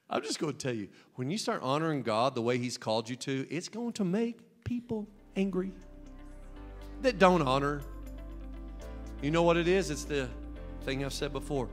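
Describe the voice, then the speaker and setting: A man preaching a Pentecostal sermon as pastor, emphatic and joking, dropping to a hush and then rising to loud cries. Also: on the high side, lively intonation, measured pace, pauses often, soft background music. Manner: emphatic, swinging from hushed to loud, joking asides. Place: church sanctuary with balcony. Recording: long church hall reverb.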